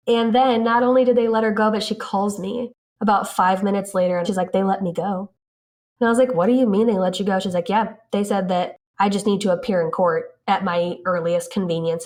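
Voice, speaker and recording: A woman casually telling a story, acting out the dialogue and saying "like" a lot. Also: mid-range voice. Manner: animated, acts out quoted dialogue, frequent "like". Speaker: interviewee recounting events.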